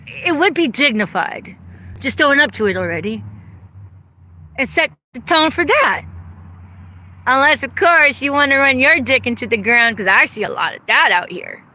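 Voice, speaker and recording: Angry high-voiced woman ranting outdoors. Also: pushed and bright. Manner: profane, agitated, ranting. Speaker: vlogger. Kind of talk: angry livestream rant. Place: outdoors in the cold.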